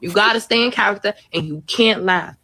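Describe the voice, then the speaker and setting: Brief: woman with mid-range voice, brash storyteller, slang, profane and animated. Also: medium pitch, a little fast, a crowd in the background. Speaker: social media content creator. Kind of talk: storytime monologue.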